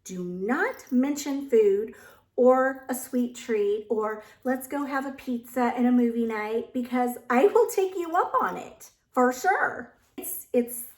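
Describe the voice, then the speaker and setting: Woman vlogger, high and chatty, storytelling; roomy echo. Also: expressive, takes it slowly. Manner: chatty, acts out quotes of others. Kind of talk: casual storytelling. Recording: echoey room.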